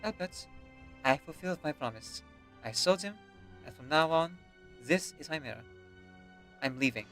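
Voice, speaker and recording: A man reading game dialogue aloud, voicing a defiant, ambitious young noblewoman in his own mid-pitched voice with a cool delivery. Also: animated, moderate pace, long pauses, fairly bright tone, soft background music. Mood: resolute.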